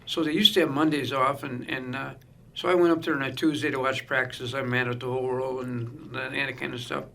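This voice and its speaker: A man's voice: medium pitch, a little fast, gravelly. A middle-aged man, telling stories in casual conversation and acting out the other people's lines. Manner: animated storyteller acting out quoted voices. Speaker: guest. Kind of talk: casual storytelling.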